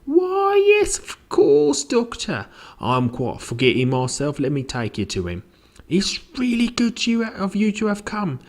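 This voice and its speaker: A prim old housekeeper woman chatters in a shrill, high falsetto with a British accent, gushing and flustered, as a man puts her on. The voice sits far above a normal speaking voice. She talks with fussy politeness. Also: huge pitch swings, a little slow, darkish tone, full character voice. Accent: put-on British.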